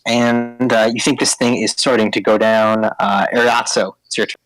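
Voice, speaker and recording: Halting man running a tabletop game. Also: on the low side, flat delivery, a bit bright, poor audio. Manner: halting, with many ums and uhs. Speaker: dungeon master.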